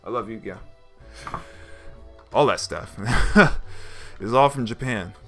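A young man comments casually on his game and laughs at his own slip-ups. His voice is bright with a middle pitch. Faint game music plays underneath. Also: slow pace. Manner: casual, joking, laughs often, reads game text aloud. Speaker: gaming YouTuber. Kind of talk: let's play commentary.

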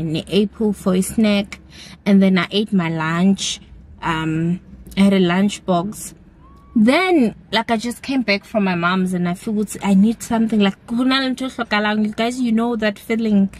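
A young South African woman speaks with a South African accent in a relaxed, chatty vlog. She takes her time, wanders between topics and mixes local words into her English. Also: mid-range voice. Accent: South African, mixing in isiZulu words. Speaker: vlogger. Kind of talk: casual vlog to camera.

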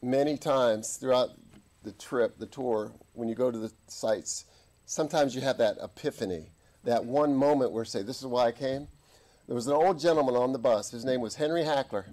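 A middle-aged man preaching a sermon as an army chaplain, telling stories and acting out voices in the quotes. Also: moderate pace. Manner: animated, acts out quotes with big pitch jumps. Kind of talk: sermon with storytelling. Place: church.

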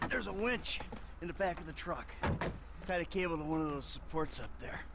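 A man's voice: a little high, animated, fairly quick, vocal fry, background noise. An actor playing a furious, profane middle-aged man out for revenge on his wife's tennis coach, in a video game.

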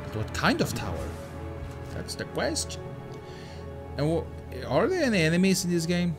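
A man hosting a let's-play, reacting excitably, swearing casually and chattering to the creature in the game. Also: fairly high pitch, normal speed, music in the background. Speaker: gaming channel host.

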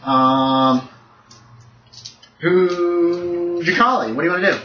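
A man's voice: high-pitched, slow. A man running a tabletop horror game as game master, talking loosely with many fillers and frequent laughs. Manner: loose and chatty, lots of fillers, laughs often. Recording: echoey room from a distance, dull lo-fi with background noise.

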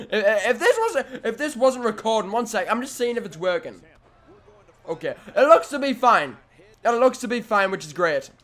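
A man giving excitable let's-play commentary over a wrestling video game, swinging between groans and shouts and repeating his lines. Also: high voice. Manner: swears casually and repeats phrases. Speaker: gaming video host.

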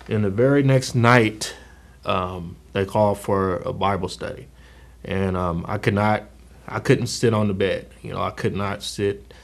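A middle-aged man giving a personal testimony, speaking haltingly with many fillers and restarts, often quietly. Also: lowish voice, steady tone, gravelly. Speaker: former gang member telling his story.

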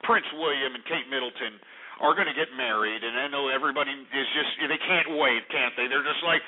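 A man's voice: mid-range voice, brisk, breathy edge. A man hosting a talk radio show, delivering a sarcastic, rambling rant. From United States. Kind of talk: opinionated talk radio monologue. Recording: tinny phone-like radio line.

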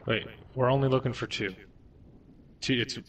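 A man's voice: medium pitch, fairly even intonation, moderate pace, fairly bright tone, far from the mic. Hesitant man in squad voice chat. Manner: hesitant, short remarks with fillers. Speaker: squad player. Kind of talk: casual gaming voice chat.

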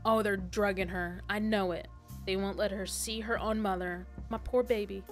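A woman's voice: medium pitch, fairly even intonation, normal speed, faint music behind, lightly acted. A woman doing a fierce Southern mama. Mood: desperate. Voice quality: Southern twang. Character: fierce worried middle-aged mother.

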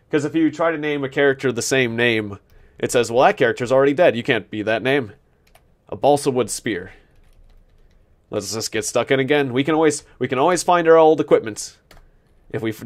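A man hosting a gaming video, rambling through casual commentary as he plays, joking at his own expense and often restarting his sentences. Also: mid-range voice. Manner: rambling, self-mocking, laughs at his own jokes; thinks aloud with many restarts. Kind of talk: casual let's-play commentary.

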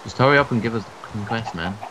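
A man's voice: fairly low pitch, fast, noisy background. A man grumbling and cursing in mock exasperation while playing Minecraft with a friend. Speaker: gamer co-host. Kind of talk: casual Minecraft let's-play chat.

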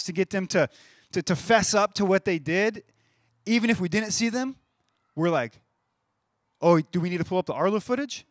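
On a church stage, a pastor in his thirties preaches a sermon in a conversational, animated style. His voice is fairly high for a man, and the recording is dry and close with no room echo.

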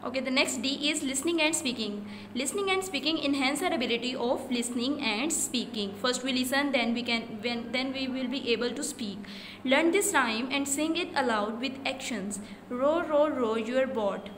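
A woman teacher, slowly explaining a school lesson step by step. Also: high voice, a bit bright. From Pakistan. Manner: slow, step-by-step explaining, repeats answers. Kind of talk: recorded classroom lesson. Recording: echoey room with faint noise.

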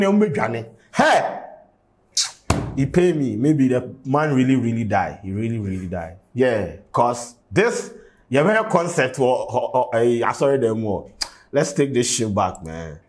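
Dude reacting to a video, slow and drawn out, pitch all over, faint music behind. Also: male voice. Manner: slow, drawn-out remarks mixing pidgin slang. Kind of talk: casual reaction commentary.

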